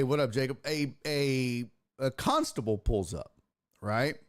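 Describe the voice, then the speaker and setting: A man's voice: a little high, clean tone. A man, hosting a sports talk stream and telling a long, profane story in a rambling, casual way. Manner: profane, rambling anecdote with lively impressions. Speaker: sports talk show host.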